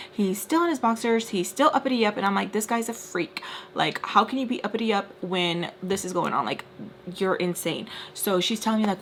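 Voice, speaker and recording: A woman's voice: medium pitch, brisk, slight background noise. A young woman vlogger telling a dramatic storytime while doing her makeup, chatty and full of "like".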